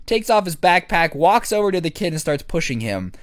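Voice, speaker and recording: Young man vlogger, sarcastic and crude, slightly high voice, dry sound. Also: brisk, no room sound. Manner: sarcastic, crude deadpan asides. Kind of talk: comic storytime.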